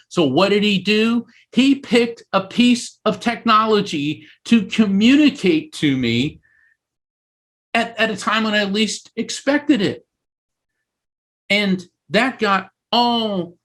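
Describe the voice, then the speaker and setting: A middle-aged man from Central Florida, an author and medium, telling a story in casual spoken style, his voice rising high when he acts out shouts.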